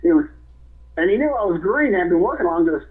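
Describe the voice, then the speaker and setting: A man's voice: sits high, animated, a little fast. A man, a former wrestler and guest, telling rambling stories and laughing often, over a phone line. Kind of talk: casual storytelling.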